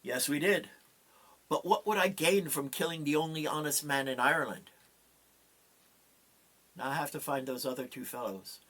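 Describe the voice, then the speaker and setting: A man voicing a huge male giant who speaks low, slow and menacing. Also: sharp tone. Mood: grave. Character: huge blunt male giant, grimly calm.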